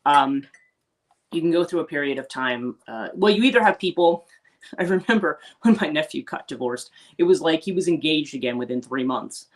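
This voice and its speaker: Low-voiced and animated, a woman rambles casually through an unscripted spiritual life coaching livestream at a normal speed. She restarts often and acts out the quotes she shares.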